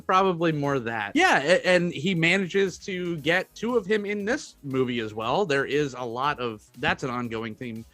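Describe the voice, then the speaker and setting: A laid-back male host chatting through a movie review, with a lively, bouncing delivery and a voice pitched a little high. He jokes easily and restarts his sentences often. The sound is dry and close, with soft music underneath. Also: normal speed, hardly any pauses, dry recording. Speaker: podcast host. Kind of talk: casual movie review chat.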